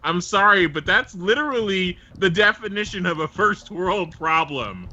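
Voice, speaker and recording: Lively bright-voiced man on a stream. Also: sits high, moderate pace. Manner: teasing, reads viewer messages aloud. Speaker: livestream host painting backgrounds. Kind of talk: casual livestream chat. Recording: dull lo-fi stream audio.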